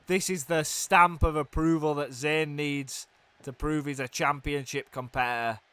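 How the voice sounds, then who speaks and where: A young man giving excitable play-by-play commentary on a wrestling video game, swinging from hushed groans to loud shouts. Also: on the high side, measured pace, clean tone.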